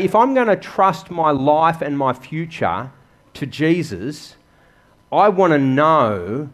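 A man preaching a sermon in a church, earnest and conversational, asking the congregation questions. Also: medium pitch. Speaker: pastor.

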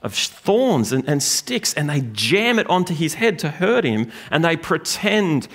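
A man preaching a sermon in a church, lively and joking with the congregation. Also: fairly high pitch, measured pace. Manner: lively, animated preaching with jokes. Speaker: pastor. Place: church gathering room.

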